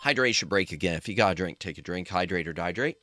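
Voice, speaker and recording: A man's voice: low voice, expressive, fast talker, bright, forceful tone, soft background music. A young man chatting with his audience while playing a game on stream, joking and yelping when he dies. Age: young adult. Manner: joking, chatty, reads chat aloud, yelps at deaths. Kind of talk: casual gaming stream chat.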